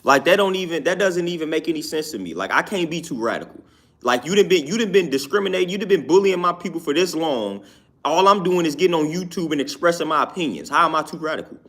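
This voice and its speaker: A man with a fairly high voice for his sex holds forth in a casual, emphatic monologue. He circles back to his points and keeps checking in with his listener. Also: lively intonation, fast, fairly bright tone. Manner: emphatic, repeats "you know what I'm saying". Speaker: YouTube commentator. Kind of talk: casual opinion talk.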